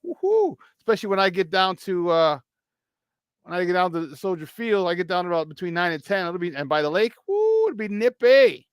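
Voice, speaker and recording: High-voiced, excitable sports talk host. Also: male voice, quick pace, clean tone, dry recording, clean studio sound. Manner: animated, chatty, joking, excitable. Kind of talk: morning sports talk show.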